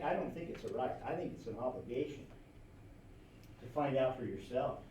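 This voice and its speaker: Heard from a distance in an echoey classroom, with slight background noise, a history teacher with a medium-pitched, somewhat mellow voice lectures with animation. Rhetorical questions and chuckling asides run through his talk.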